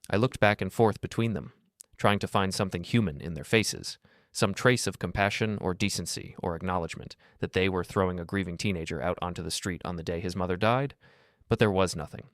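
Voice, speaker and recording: A man narrating a first-person story in a steady, scripted storytelling voice. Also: low-pitched, a little fast, no room sound, studio quality.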